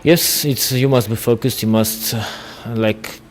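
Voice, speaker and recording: A man's voice: mid-range voice, a little slow. A man with an Armenian accent, a boxer speaking broken English bluntly and confidently as an interview guest. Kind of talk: casual interview.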